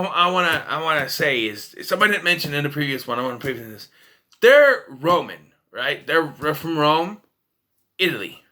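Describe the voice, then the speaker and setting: Animated, ranting male film reviewer. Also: on the high side. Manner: ranting, profane, jumps into mocking voices. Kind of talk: casual film rant.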